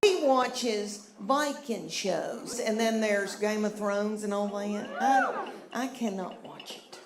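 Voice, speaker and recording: A middle-aged woman performs stand-up on a stage before a live audience, her mid-range voice slow and sing-song. She tells stories in a chatty drawl and acts out quotes, with loud crowd laughter throughout the live recording.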